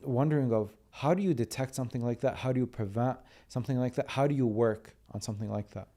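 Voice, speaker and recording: A man hosts a podcast with a mellow, darker tone at a middle pitch. His speech is halting, and he often stops to search for words. He sounds conversational and unhurried. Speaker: podcast host.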